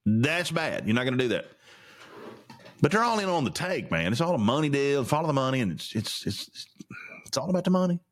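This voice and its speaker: A man's voice: medium pitch, very animated, quick pace, a little hiss or hum. A man hosting a solo podcast, ranting indignantly about the news with lots of stammered restarts. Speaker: podcast host. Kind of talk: opinionated solo commentary.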